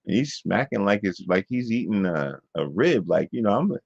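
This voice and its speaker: A man's voice: fairly low pitch, big pitch swings, normal speed, gravelly, darkish tone, breathy edge, dry recording. A man telling a rambling personal story in a loose, digressive way with many fillers and repetitions. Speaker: vlogger. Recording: dull lo-fi dry sound.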